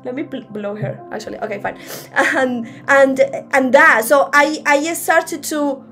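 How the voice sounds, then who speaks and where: A woman's voice: sits high, measured pace, fairly bright tone, soft background music. A woman preaching a sermon at a church service in a conversational way, often restarting her sentences.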